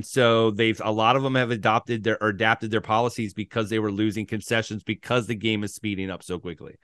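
A man's voice: fairly low pitch, steady tone, fairly bright tone, clean tone, no room sound, clean studio sound. A man co-hosting a casual podcast, talking about baseball and teasing his friends. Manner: quick to joke and tease. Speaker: podcast co-host. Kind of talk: casual chat.

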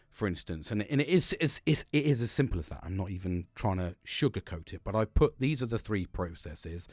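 A man's voice: lowish voice, no room sound. Man, casual host monologue, blunt and profane, dry close sound. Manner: frank, sweary, rambling with restarts.

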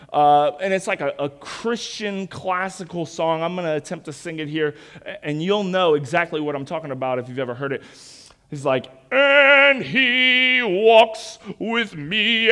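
A man's voice: high-pitched, fairly bright tone. A man in his twenties preaching a sermon to a congregation, telling a personal story in a conversational way and asking the listeners questions. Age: 20s. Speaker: pastor.

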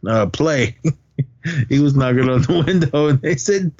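A man's voice: medium pitch, fairly quick, a little mellow, lo-fi sound. A man casually recapping a comedy film on a podcast, laughing often and acting out quoted lines. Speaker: podcast co-host. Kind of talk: casual movie recap chat.

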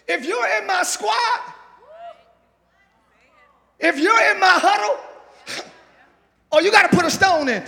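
A male pastor preaching a sermon in a large church hall, shouting and calling on the congregation to respond. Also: extremely high pitch, lively intonation, takes it slowly, creaky, pauses often. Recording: live church hall with long reverb, crowd noise.

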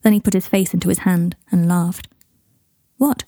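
A woman narrating fan fiction in an even, steady storytelling manner. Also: lowish voice, fairly quick, no echo, clean studio sound. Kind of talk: reading fan fiction aloud.

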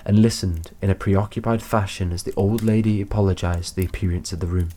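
Low deep voiced guy narrating a story, calm and steady. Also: fast talker, a little hiss or hum. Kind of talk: scripted story reading.

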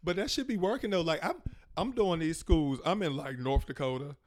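A man in his thirties from Maryland, chatting as a comedy podcast guest. His voice sits a little high for a man, and he rants in slangy, animated bursts. He drops into mocking impressions as he goes. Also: a little fast. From Prince George's County, Maryland. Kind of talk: casual podcast chat.

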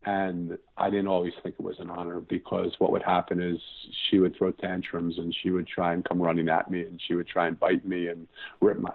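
Interview guest, male, 50s, low husky voice, earnest and searching, tinny phone-quality audio. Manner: earnest, searching for words, restarts sentences. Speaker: podcast guest. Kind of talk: reflective personal storytelling.

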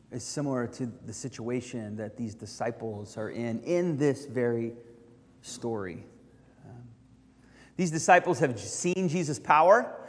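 A man preaching a sermon as pastor, reflective and halting with frequent ums, lifting his voice when reading scripture aloud. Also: medium pitch. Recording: reverberant hall.

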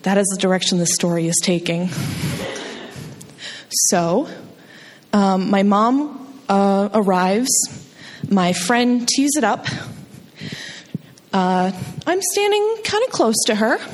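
A woman from New Jersey telling a funny personal story on stage at a live storytelling show, poking fun at herself and jumping up in pitch for quoted voices. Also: lively intonation, slow, long pauses, slight background noise. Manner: self-deprecating, jumps high for quoted voices. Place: stage in a hall. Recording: long hall reverb.

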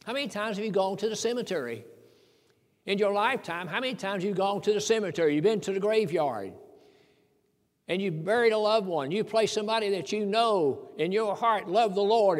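A man preaching a sermon in a folksy way, chuckling between points and slowing down when he quotes scripture. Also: high voice, in a large hall.

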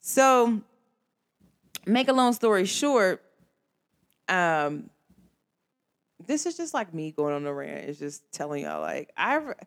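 A woman's voice: fairly low pitch, huge pitch swings, slow pace, pauses often. A woman venting to her viewers in a casual, emphatic monologue, talking straight to the camera in slangy everyday speech. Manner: emphatic, slangy and conversational, addresses viewers directly. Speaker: vlogger.

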